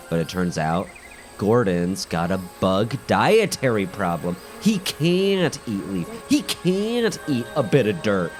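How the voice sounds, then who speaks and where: A comedian playing a goofy, tough-talking garden bug who tells a rambling story, with faint music behind. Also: mid-range voice. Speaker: comedy podcast improviser. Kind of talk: improvised comic monologue.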